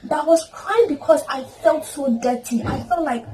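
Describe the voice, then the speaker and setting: A woman's voice: sits high, lively intonation, normal speed, a little mellow, a little hiss or hum. A woman telling a personal story in a vlog, earnest and emotional, with prayerful asides. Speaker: storytime vlogger. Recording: voice at a distance from the mic with faint ambience.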